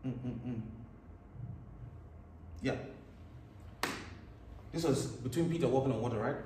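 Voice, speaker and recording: A man's voice: mid-range voice, takes it slowly, background noise. A man preaching a sermon, reading scripture aloud with rising emphasis between plain explanations. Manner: reads scripture in a raised, emphatic voice. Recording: echoey room, mic at a distance.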